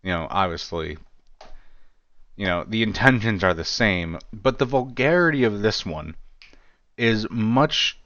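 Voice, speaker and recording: Slow, rambling male commentator, dry lo-fi. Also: on the low side, expressive, fairly bright tone, no room sound. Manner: rambling, heavy on fillers like "you know" and "like"; wry, self-deprecating asides. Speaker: true-crime commentary creator. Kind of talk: casual video commentary reading chat logs.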